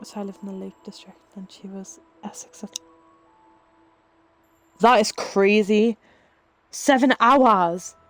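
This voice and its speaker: A woman's voice: mid-range voice, level tone, a little slow, long pauses. A woman in her twenties with a Geordie accent, chatting casually as a livestreamer and reading viewer messages aloud with lots of "like" and giggles. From North East England. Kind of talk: casual chat while reading live chat.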